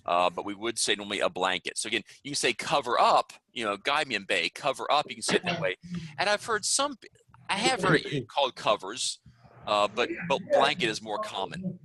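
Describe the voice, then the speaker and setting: An upbeat man with a Southern US accent, talking through an online English lesson in a rambling, friendly way. His voice is bright and close, with a dry sound and no room around it. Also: mid-range voice, animated, brisk, dry recording, low-quality recording. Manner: upbeat, chatty, rambling asides. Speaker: English teacher. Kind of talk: online class chat.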